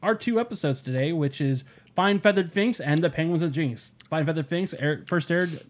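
A man's voice: on the high side, moderate pace. A man co-hosting a podcast, chatting loosely, swearing and joking. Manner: loose, profane, laughing. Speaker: podcast co-host. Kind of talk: casual podcast banter.

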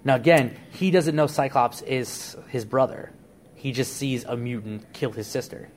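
A man's voice: medium pitch, normal speed, slight background noise. A man on a podcast, casually laying out a plot idea in a rambling way. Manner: rambling storyteller, frequent restarts and "like". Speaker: podcast co-host.

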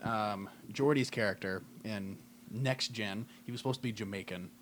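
A man co-hosting a casual podcast chat, telling trivia in an animated way. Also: lowish voice, normal speed, slight background noise. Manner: animated storyteller, laughs often. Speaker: podcast co-host.

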